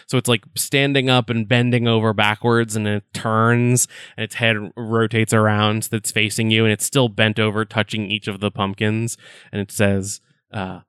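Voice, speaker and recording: A man narrating a tabletop game as game master, describing scenes in a halting way with lots of fillers. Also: fairly low pitch, little pitch movement, a bit bright, clear, resonant tone, dry recording.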